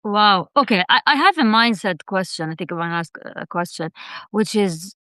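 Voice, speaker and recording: Accented lady hosting a chat, smooth clear voice, dry close sound, reads comments out. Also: medium pitch, expressive, normal speed, sharp tone, no echo. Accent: non-native English. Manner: friendly, reads out viewer comments. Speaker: host. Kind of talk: casual interview chat.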